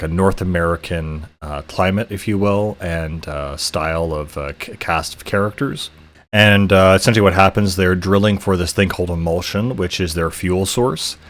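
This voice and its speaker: A man hosting a podcast, talking casually about a video game with many fillers, restarts and frequent throat clearing. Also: low voice. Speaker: podcast host. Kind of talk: casual game review talk.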